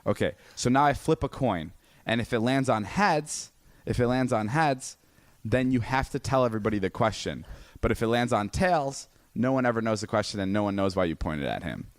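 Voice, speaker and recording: A young man telling a story in casual podcast chat, animated and swearing a lot, with many fillers and restarts. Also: mid-range voice, brisk, no echo. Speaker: podcast guest.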